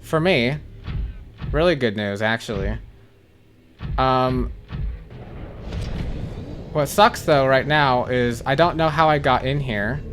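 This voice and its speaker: A man's voice: mid-range voice, takes it slowly, long pauses, a bit bright, slight background noise. A man giving blind playthrough commentary on a game, jumpy and swearing, who repeats panicked phrases over and over. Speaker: gaming channel host.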